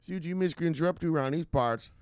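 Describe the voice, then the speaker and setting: A man's voice: fairly high pitch, fast, clear, resonant tone, no echo, studio quality, voice pushed up, close to an everyday voice. A man voicing a tough woman investor who demands her cut of the money, brash and sassy.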